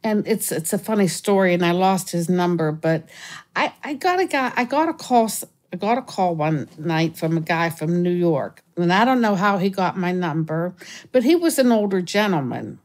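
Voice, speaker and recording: A woman guest in an interview, telling a story in a casual, animated way, often restarting her sentences and acting out the people she talks about. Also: normal speed. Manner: animated, acts out callers with raised pitch, frequent restarts. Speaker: guest, former remote viewer.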